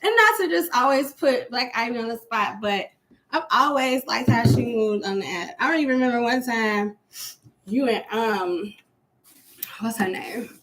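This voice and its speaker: A woman chatting casually on her own livestream, telling animated stories full of slang and swearing. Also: fairly high pitch, moderate pace. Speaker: live stream host.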